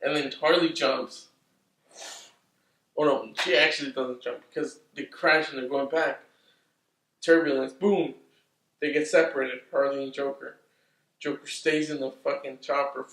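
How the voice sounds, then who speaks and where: A man casually recapping a film's plot, rambling, swearing often and getting excitable. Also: medium pitch, measured pace, long pauses. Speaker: movie reviewer. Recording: roomy, distant from the mic.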